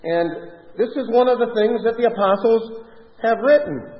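A man preaching a sermon with emphatic stresses that fall away into soft drops. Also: extremely high pitch, normal speed. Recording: echoey hall, dull lo-fi sound.

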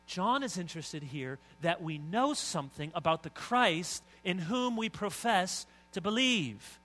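Bright-voiced male preacher, conversational. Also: high voice, lively intonation, unhurried. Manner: conversational preaching that breaks into mock voices and rising emphatic lines. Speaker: pastor. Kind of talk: sermon.

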